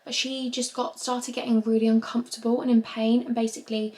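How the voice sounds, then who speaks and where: Young mum vlogging candidly. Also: female voice, on the high side, flat delivery, brisk, a little mellow, breathy edge. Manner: candid, emotional, rambling with restarts. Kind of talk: casual confessional vlog. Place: bedroom at home.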